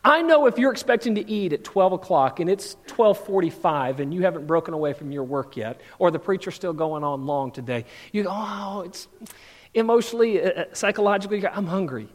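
A man preaching a sermon to his congregation, swinging between lively asides and hushed, earnest passages. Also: a little high, fairly quick, hardly any pauses. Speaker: pastor. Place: church sanctuary. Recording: church hall reverb.

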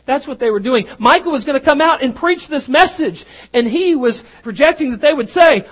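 A preacher delivering an emphatic sermon, moving between loud stresses and hushed lines. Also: sits high, expressive, moderate pace, few pauses, poor audio.

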